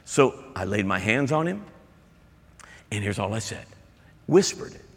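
A male preacher with a fairly low, sing-song voice takes his time, speaking unhurriedly. His sermon is emphatic and conversational, with asides aimed at the people in the pews, and the church's long hall reverb is clearly audible.

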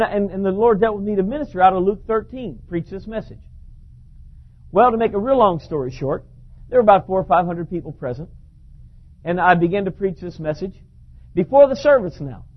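A man preaching a sermon, telling a story in an animated way and often repeating words. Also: high voice, fairly quick. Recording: dull lo-fi recording.

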